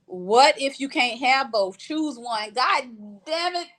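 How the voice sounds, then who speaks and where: Livestream host, woman, a bit high-pitched, blunt, swears freely, lively casual chat. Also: slow pace. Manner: blunt, profane and animated, reading out comments. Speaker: livestream host reading viewer comments.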